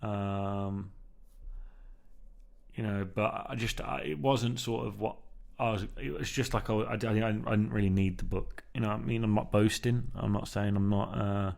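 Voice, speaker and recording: Male vlogger with a lowish voice, casual and rambling, heavy on fillers and "man". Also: fairly even intonation, a little slow, creaky, darkish tone. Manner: meandering, filler-heavy, keeps saying "man". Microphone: newly bought mic, under test.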